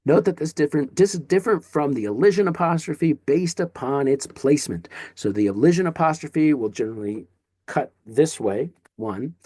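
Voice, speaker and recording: A man's voice: mid-range voice, warm tone, no echo. A man teaching a casual online lesson, talking in a chatty, encouraging way with asides and restarts. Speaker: Greek teacher.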